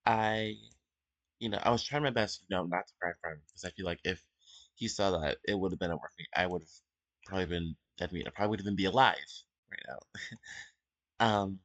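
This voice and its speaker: A teenage young man giving an unscripted personal confession at home, emotional and halting, with many fillers and restarts. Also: low voice, no echo. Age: teens. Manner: emotional, soft-spoken. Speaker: vlogger.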